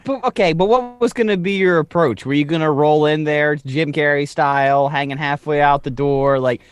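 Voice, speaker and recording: Man, podcast co-host, slightly high voice, dry sound, wry exasperated banter with stammers. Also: normal speed, hardly any pauses, smooth, no echo. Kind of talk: casual chat.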